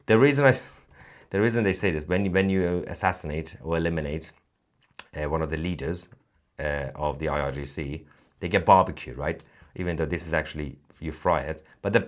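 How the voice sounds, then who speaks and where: Low-voiced guy w/ reading out stream comments, casual and jokey, laughs a lot. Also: moderate pace. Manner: chatty, joking, laughs often, reads comments aloud. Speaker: livestream host reading viewer comments.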